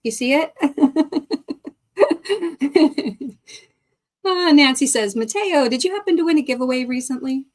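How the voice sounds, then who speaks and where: Slow-talking woman live-streaming, laughing often. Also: sits high, animated. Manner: chatty, laughs often, greets viewers by name. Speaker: livestream host. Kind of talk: casual chat reading live comments.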